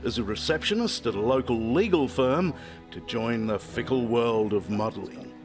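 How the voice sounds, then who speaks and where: A man's voice: mid-range voice, lively intonation. Man narrating a TV story over music. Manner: measured storytelling delivery. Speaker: reporter narrating. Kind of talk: scripted TV narration. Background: music bed.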